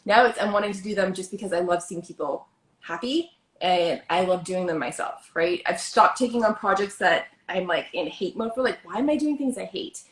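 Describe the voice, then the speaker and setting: A woman's voice: on the low side, normal speed. A woman hosting a casual chat, talking in a chatty, upbeat way and filling her sentences with "like.". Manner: chatty, many "like" fillers, upbeat. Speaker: host. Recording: roomy echo.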